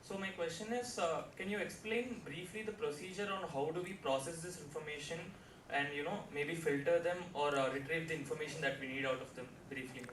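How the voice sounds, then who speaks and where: A man's voice: on the high side, fairly quick, fairly bright tone, distant mic, a little hiss or hum, poor audio. Hesitant young man asking from afar. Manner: polite, hesitant with fillers. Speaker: intern asking a question from the audience. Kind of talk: audience question.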